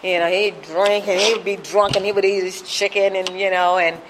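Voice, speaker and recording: A woman in her fifties from Compton giving an emotional, halting recovery testimony, often repeating herself. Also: medium pitch, flat delivery, background noise. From Compton, California. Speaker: speaker sharing at a recovery fellowship.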